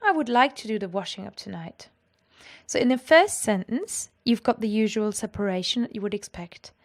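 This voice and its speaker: A woman explaining grammar in a clear, patient lesson. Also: medium pitch, expressive, moderate pace. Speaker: language teacher.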